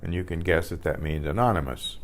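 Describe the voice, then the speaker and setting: A man teaching a beginners' Spanish lesson, saying each word slowly several times and spelling it out, and clearing his throat now and then. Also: deep voice. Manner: slow, repeats each word many times.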